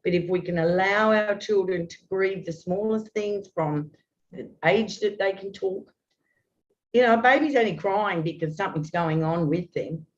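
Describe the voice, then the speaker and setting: This medium-pitched woman in her fifties talks at a moderate pace as a guest. Her speech is earnest and long-winded, full of restarts, in an open, heartfelt exchange recorded with dull lo-fi sound.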